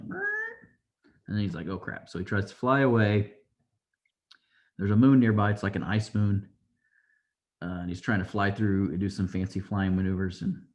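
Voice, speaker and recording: A man's voice: sits low, a little mellow. A man casually recapping a show episode, rambling along and acting out quotes from the characters. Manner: rambling, loose retelling with acted-out quotes. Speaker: show reviewer.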